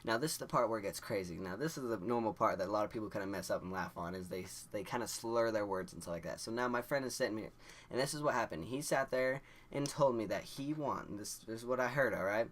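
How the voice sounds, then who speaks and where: A man's voice: lowish voice, fast talker, a bit bright. A young man vlogging, telling a rambling story with lots of fillers, acting out the quotes and laughing. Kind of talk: casual storytelling.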